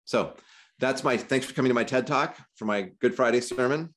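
A man's voice: medium pitch, a little fast, a bit bright. A man, a professor, talking through a theology discussion over a video call, reflective and dropping wry self-deprecating jokes. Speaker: seminary professor.

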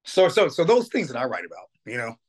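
A man's voice: medium pitch, wildly swooping pitch, quick pace. Emotional middle-aged man telling stories. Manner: emotional storytelling, tearful at times, repeats "you know what I mean". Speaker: guest, metal band singer. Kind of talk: casual interview chat.

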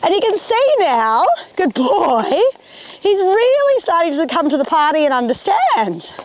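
High, lively woman trainer outdoors. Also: moderate pace. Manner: encouraging, chatty, coos praise to the horse. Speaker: horse trainer. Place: outdoors in windy, rainy weather.

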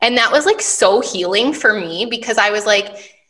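A woman's voice: mid-range voice, animated, moderate pace, pushed and bright. A woman hosting a casual podcast conversation, chatty and full of fillers, often acting out her own thoughts as quotes. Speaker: host, money and business mentor.

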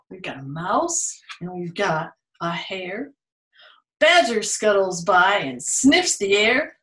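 A woman's voice: mid-range voice, very animated, slow, fairly bright tone. A woman reading a picture book aloud to children, in a playful way, with animal sounds and asides to her listeners. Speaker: storytime reader. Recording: roomy echo.

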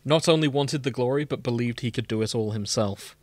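A man's voice: medium pitch, brisk, darkish tone, no echo. A man co-hosting a podcast in casual chat, bantering and swearing with exasperation. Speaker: podcast co-host.

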